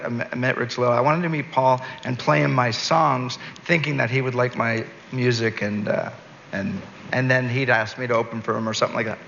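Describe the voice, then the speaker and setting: A Canadian man in an interview, telling a rambling, animated story and laughing at his own jokes. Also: medium pitch. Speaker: entertainer and guest. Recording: dull recording with long reverb, faint noise.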